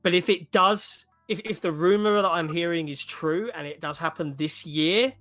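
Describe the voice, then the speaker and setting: A man's voice: a little high, moderate pace, fairly bright tone, soft background music. A British man, a guest commentator on a live stream, chatting casually and animatedly, with a cryptic tone and casual swearing. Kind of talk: casual panel chat.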